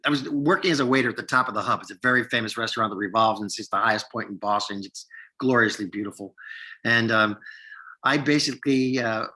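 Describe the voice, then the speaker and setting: A man in his sixties from upstate New York, an actor telling lively stories from his career in a casual interview, acting out the lines of people he quotes. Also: medium pitch, fast. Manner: animated storyteller, acts out quoted lines, many restarts. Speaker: actor guest.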